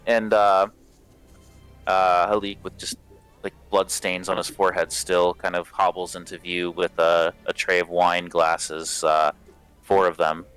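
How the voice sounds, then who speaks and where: Slow, deep-voiced man running a tabletop game. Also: little pitch movement, fairly bright tone, clean tone, soft background music. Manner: casual, rambling, many fillers. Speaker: game master.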